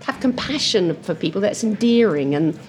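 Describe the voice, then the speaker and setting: Over lunch in a restaurant, a female interview guest tells stories animatedly and slips into impressions. She speaks at a normal speed in a medium-pitched voice, with slight background noise in the recording.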